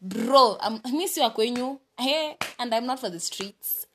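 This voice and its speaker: A young woman with a Kenyan accent telling a story in a casual vlog, animated and mixing English with Swahili slang. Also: fairly high pitch, a little slow, slight background noise. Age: young adult. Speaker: vlogger. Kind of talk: storytime chat.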